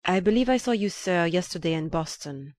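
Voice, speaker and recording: A woman's voice: on the low side, animated, brisk, no room sound, studio quality, lightly acted. A woman reading a humble young Frenchman. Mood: earnest. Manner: insistent, quietly pleading.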